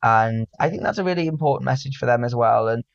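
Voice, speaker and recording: A man's voice: mid-range voice, expressive, quick pace, vocal fry, dull audio. A man co-hosting a podcast in casual chat, camp and giggly, rambling with many fillers. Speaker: podcast co-host.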